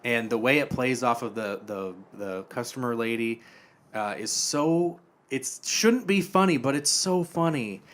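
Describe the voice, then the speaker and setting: A young man co-hosting a podcast, casually retelling a TV episode and acting out the characters' lines in quiet quoted voices. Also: mid-range voice, unhurried. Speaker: podcast co-host.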